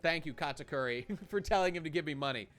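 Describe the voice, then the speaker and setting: Soft music plays behind a man whose fairly high voice is animated, fast, and a bit bright as he streams a game. His casual commentary to viewers rambles, swears, and keeps starting over mid-sentence.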